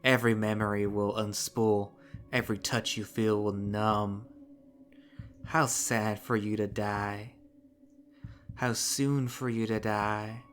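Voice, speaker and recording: A man voicing eerie chanting spirits from cursed photographs in a slow, ominous manner. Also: on the low side, little pitch movement.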